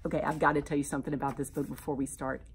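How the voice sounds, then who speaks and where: A woman teacher reading a rhyming picture book aloud to children in an animated, expressive way. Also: low-pitched, racing, a little hiss or hum.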